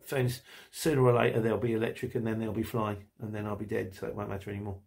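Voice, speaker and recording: A man from England chatting to camera as he answers viewer comments. He rambles in a relaxed, friendly way and keeps restarting his sentences. His talk is full of ums and asides. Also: on the low side, quick pace, creaky. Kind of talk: casual chat to camera.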